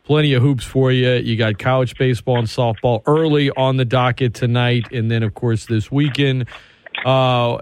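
A man's voice: mid-range voice, no echo. A man hosting a sports talk radio show, teasing his guest in a wisecracking way.

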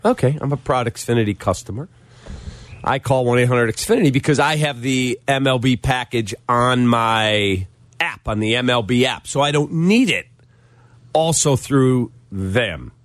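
A man's voice: mid-range voice, unhurried, no echo. A man hosting sports radio, telling a customer-service story with wry exasperation and quoting the people in it. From Chicago. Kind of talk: casual radio banter and storytelling.

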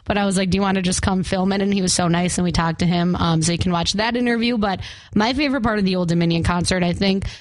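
A woman's voice: fairly low pitch, steady tone, fast, no echo. A young woman co-hosting a morning radio show, chatty and laughing often as she talks about concerts and travel. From Arizona. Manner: chatty, laughs often, country music fan.

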